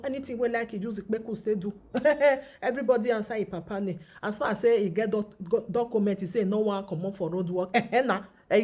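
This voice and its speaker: A woman with a Nigerian accent giving chatty, teasing gossip commentary in a vlog, laughing often. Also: on the high side. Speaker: social media commentator.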